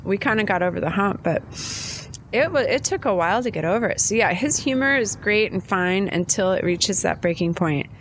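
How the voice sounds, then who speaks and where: A woman's voice: medium pitch, animated, a little fast, a little hiss or hum. A woman co-hosting a podcast, telling a personal story in casual, chatty conversation. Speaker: podcast co-host. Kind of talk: casual chat.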